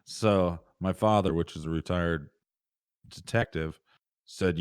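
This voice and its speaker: A man's voice: low-pitched, fairly even intonation, slow pace, clear, resonant tone, no room sound, studio quality. A man co-hosting a true crime podcast, chatting casually and joking as he tells stories. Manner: joking, rambling storytelling. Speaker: podcast co-host. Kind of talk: casual chat.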